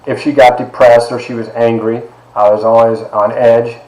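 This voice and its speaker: This Ohio-born lecturer, a man in his forties, speaks at normal speed in a medium-pitched, darkish voice with a flat delivery. The room echoes as he shares a candid personal story with his class, emphatically and conversationally, frequently going off on asides.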